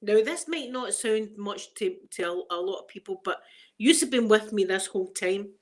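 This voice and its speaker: Scottish mum on a livestream, welling up, warm chatty greetings to everyone. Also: female voice, mid-range voice, moderate pace. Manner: emotional, tearful, greeting viewers by name. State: holding back tears. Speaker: livestream host. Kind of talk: casual live chat.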